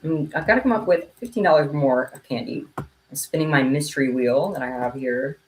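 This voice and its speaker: This young woman's low-pitched voice moves fairly quickly as she chats on her livestream, making kandi bracelets in a room at home and meowing at her cat. Slight background noise and faint ambience come through in the echoey recording.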